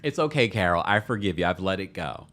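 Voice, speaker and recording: A man's voice: sits low, expressive, fast talker, over a noisy crowd, very noisy. A man hosting a live reality-TV recap in a casual, chatty way, often laughing and repeating himself. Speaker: recap show host.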